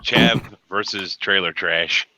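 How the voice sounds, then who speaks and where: An American man chatting casually online, telling rambling stories with animated retellings. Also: low-pitched, slow, slight background noise. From United States. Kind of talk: casual chat.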